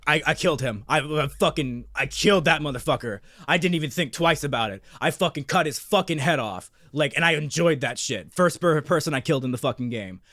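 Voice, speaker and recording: A podcast co-host, a man, excitedly tells a story in casual chat, swearing as he goes. His pitch is fairly high and his pace fairly quick with hardly any pauses, recorded in clean studio sound with no echo.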